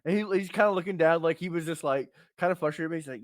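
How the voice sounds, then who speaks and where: A man's voice: on the high side, quick pace, no room sound, clean studio sound. A man in his thirties hosting a podcast, telling crude, punchy stories in casual chat. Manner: crude, storytelling with punchy asides. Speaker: podcast host.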